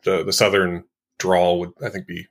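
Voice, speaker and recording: A man's voice: sits low, completely flat delivery, moderate pace. A man co-hosting a podcast in casual chat, rambling a little and joking at his own expense. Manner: rambling, self-deprecating, chuckles at his own jokes. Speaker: podcast co-host.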